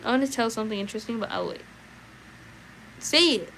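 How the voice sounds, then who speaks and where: A young adult woman streaming a read-aloud, chatting casually with viewers in an animated, filler-heavy way. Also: on the high side, brisk, gravelly, slight background noise, poor audio.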